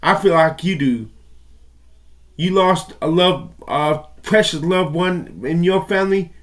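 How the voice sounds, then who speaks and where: Guy ranting into a call-in show, kinda high voice, rambly and cussing, sounds wronged. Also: measured pace. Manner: rambling, aggrieved, profane. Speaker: caller.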